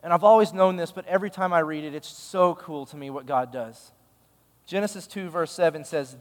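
A man's voice: fairly high pitch, brisk, big-room sound. A male pastor giving a sermon, telling a story in a conversational, emphatic way.

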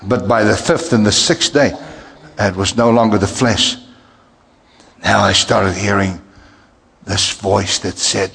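A man's voice: slow, vocal fry, long pauses, in a large hall. A male pastor preaching a sermon, telling a story and acting out the dialogue with big jumps in his voice. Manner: animated, acts out dialogue with big pitch jumps.

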